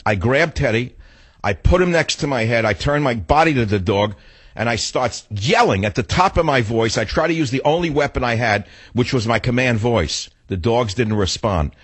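Blunt new guy ranting through a story, husky voice, dry close sound. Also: mid-range voice, lively intonation, moderate pace, no echo. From New York. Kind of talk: opinionated storytelling monologue.

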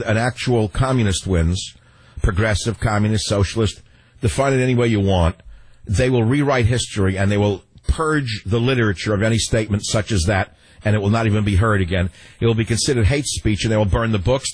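A man's voice: on the low side, fairly quick, husky, dry recording. An older man hosting a call-in radio talk show, blunt and sardonic, laughing often.

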